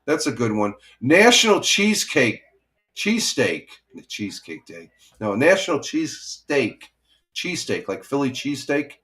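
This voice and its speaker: A man's voice: mid-range voice, very animated, moderate pace, a bit bright. A middle-aged man hosting a casual morning chat stream, rambling with many restarts and greeting viewers by name. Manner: rambling, restarts a lot, chuckles. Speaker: live stream host.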